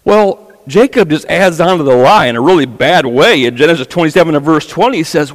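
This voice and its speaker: High-voiced pastor in an echoing church. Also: male voice, animated, a little fast, few pauses. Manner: casual storytelling, acting out the characters' lines. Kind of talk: sermon. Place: church sanctuary.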